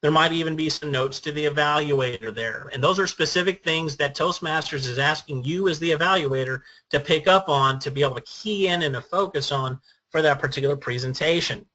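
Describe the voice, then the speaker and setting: A man's voice: a little high, a little fast, pushed and bright, dull audio. A man giving an instructional talk as a speech trainer, earnest and methodical, laying out his points by number.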